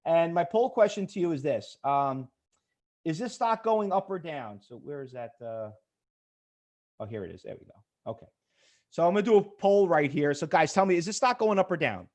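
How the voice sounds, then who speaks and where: A man's voice: a little high, animated, normal speed, a little mellow. A man teaching a live trading webinar, blunt and pushy with viewers, rambling with many fillers. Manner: rambling, chatty, full of fillers. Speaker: trading educator.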